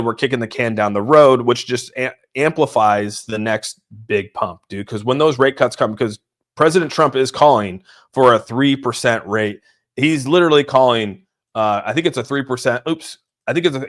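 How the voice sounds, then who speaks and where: Excitable guy calling everyone "dude". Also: mid-range voice. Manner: excitable, rambling, says "dude" a lot; reads viewer chat and greets viewers. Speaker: crypto channel host. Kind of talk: casual livestream market commentary.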